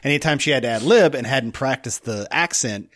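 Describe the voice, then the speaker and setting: A man's voice: medium pitch, animated, brisk, fairly bright tone. Casting: American man, podcast co-host, easygoing rambling talker who hesitates often. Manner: rambling, hesitant with many fillers. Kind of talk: casual chat.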